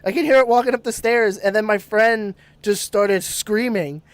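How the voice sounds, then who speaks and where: A man's voice: high voice, moderate pace, clear, resonant tone, dry recording. A man telling a ghost story on a podcast, laughing often and swearing freely. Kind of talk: casual storytelling.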